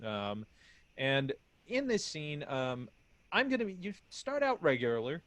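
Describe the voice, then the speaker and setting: Lively man hosting an improv show. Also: fairly high pitch, a little slow, dry recording. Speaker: game show host.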